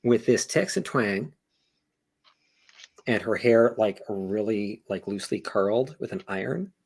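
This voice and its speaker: A man's voice: lowish voice, expressive, a little slow, a little mellow, slightly rough. A man narrating as game master of a tabletop game, describing scenes in a rambling way and correcting himself as he goes.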